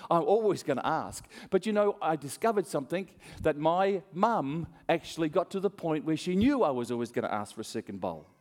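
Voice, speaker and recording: A man's voice: fairly high pitch, fairly quick, few pauses. A man preaching a sermon, telling a story with acted-out voices and frequent laughs. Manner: animated storytelling, acts out voices, laughs often. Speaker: pastor. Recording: long hall reverb.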